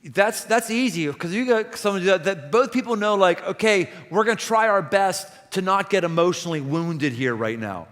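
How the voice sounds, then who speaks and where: A man preaching a sermon as pastor, emphatic and building to loud repeated exclamations in a church auditorium. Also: high-pitched, expressive, normal speed, long reverb tail.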